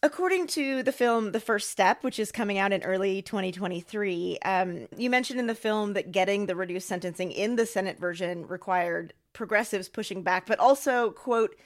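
Calm woman interviewer. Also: medium pitch, normal speed, hardly any pauses. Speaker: podcast host.

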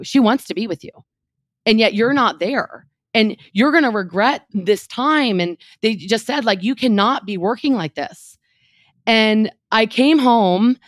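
A woman in her thirties, a real estate team leader, telling a candid personal story in an interview, animated and emotional, with lots of "like" fillers. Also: medium pitch, no echo, clean studio sound.

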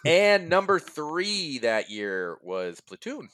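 Male host, chatty and animated, slightly higher voice, laughs a lot. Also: slow. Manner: animated, laughs often while telling stories. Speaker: podcast host. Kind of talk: casual chat.

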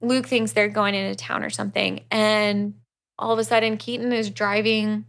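A woman's voice: medium pitch, little pitch movement, normal speed, creaky, a bit bright. A woman co-hosting a podcast, recapping a book in casual chat. She acts out the characters' lines and swears freely. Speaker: podcast co-host.

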